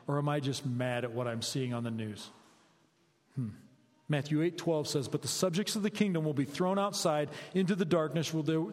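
Man preaching, middle-aged, lively and conversational, slightly high voice, long hall echo. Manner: energetic, conversational, asks the audience questions. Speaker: preacher, high school basketball coach. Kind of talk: sermon.

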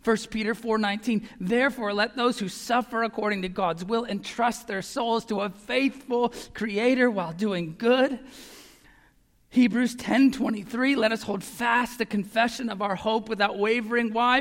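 A man preaching a sermon as pastor, earnest and emphatic, sometimes dropping to a hush. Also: extremely high pitch. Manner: earnest, emphatic, drops to a hush on key lines. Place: church sanctuary. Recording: long hall reverb.

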